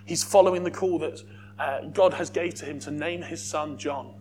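A man delivers a sermon in a fairly high voice. He is lively and breaks off into joking asides to the people listening. A faint hum runs underneath. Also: moderate pace. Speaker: preacher and youth worker.

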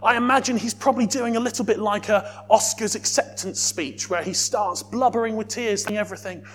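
A man preaching a sermon as a youth worker, lively, with joking asides to the congregation. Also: high voice, brisk, a little hiss or hum.

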